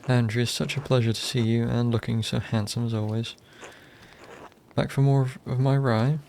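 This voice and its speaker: A man's voice: medium pitch, little pitch movement, moderate pace, gravelly, a little mellow, a little hiss or hum, lightly acted. A man voicing a friendly, flirtatious woman baker with a northern English accent and a fond, teasing tone. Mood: flirty.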